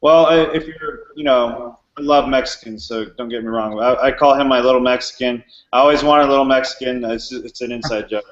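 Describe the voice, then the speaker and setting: A man on a casual group call, speaking in a halting, joking way. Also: mid-range voice, steady tone. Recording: roomy lo-fi audio.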